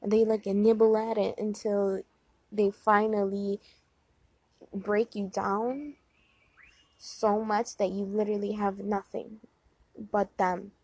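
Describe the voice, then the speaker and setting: A young woman talks straight to her viewers with a slightly husky, breathy voice. Her pitch sits in a middle range for a woman. The sound is dry and close. Her delivery is casual and earnest, with frequent filler words as she gives relationship advice. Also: level tone, takes it slowly, long pauses, darkish tone, no room sound. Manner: chatty, earnest, many "like" fillers. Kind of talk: casual talk to camera.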